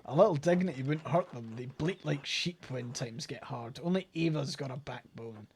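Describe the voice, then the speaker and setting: A man's voice: medium pitch, darkish tone, a little hiss or hum, lightly acted. A Scottish man doing a haughty, pompous miller. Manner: haughty, condescending, slow and drawn out. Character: pompous proud adult male miller.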